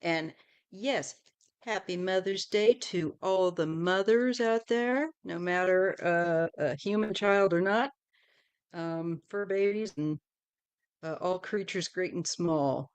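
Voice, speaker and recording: Middle-aged woman, tarot reader, casual livestream chat, rambling, trails off softly. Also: on the low side, takes it slowly, clear, resonant tone.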